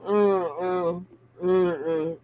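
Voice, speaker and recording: A woman host giving casual, profane commentary with animated, drawling asides. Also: fairly low pitch, extremely slow, no room sound. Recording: dull lo-fi sound.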